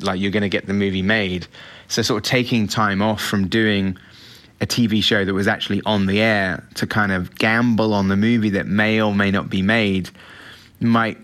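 A middle-aged British man, a film director, answering interview questions in a chatty, reflective way with frequent restarts. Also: lowish voice.

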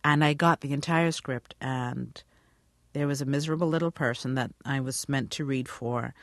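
A woman's voice: very deep voice, moderate pace, no room sound. A woman, an actress, telling stories in an interview and acting out the people she quotes. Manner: animated storyteller, acts out quotes. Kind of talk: radio interview.

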